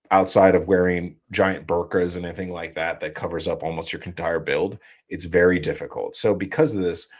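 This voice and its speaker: Male live-stream host, deep low register, relaxed chatty explainer. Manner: casual, loose explanatory talk with fillers and restarts.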